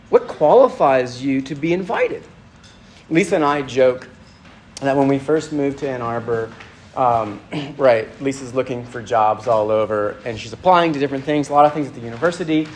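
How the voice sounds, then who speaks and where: A man's voice: mid-range voice, a little mellow, slight background noise. A man preaching a sermon in a loose, conversational way, with many restarts and acted-out quotes. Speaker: pastor.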